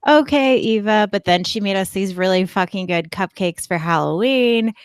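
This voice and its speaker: A woman's voice: on the low side, normal speed, clean tone, no echo, clean studio sound. A young woman telling a rambling story casually on a comedy podcast, chatty and full of "like". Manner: chatty, rambling, upspeak-laden. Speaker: podcast guest.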